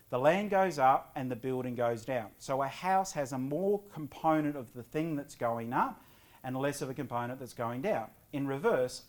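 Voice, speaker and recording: A middle-aged man giving a property investment seminar to a live audience, lively and often quizzing the crowd. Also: mid-range voice. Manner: energetic, quizzes the audience with quick questions.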